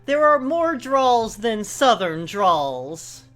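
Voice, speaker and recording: A woman from the US West Coast co-hosting a game playthrough, rambling in casual, animated commentary with sudden high exclamations. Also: drawn-out words, soft background music.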